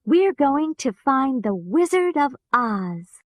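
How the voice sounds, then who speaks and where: A woman's voice: high-pitched, sing-song, takes it slowly, no echo, voice pushed up, exaggerated voice. A woman doing a curious young girl. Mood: eager. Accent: American.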